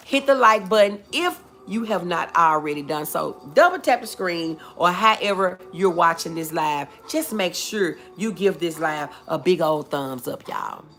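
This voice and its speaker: Woman livestream host, animated and chatty, warm pet names for viewers, soft music in the background. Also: fairly low pitch, unhurried, hardly any pauses. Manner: chatty, calls viewers boo and baby. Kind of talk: casual live chat reading comments.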